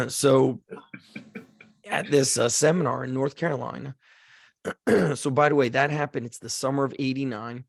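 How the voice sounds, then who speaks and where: A man spins a casual podcast story, animated and chatty, leaning on "like" as he acts out the shouting in it. His voice has a gravelly fry. The sound is dry and close, with no room around it. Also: mid-range voice, normal speed, no echo. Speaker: podcast host.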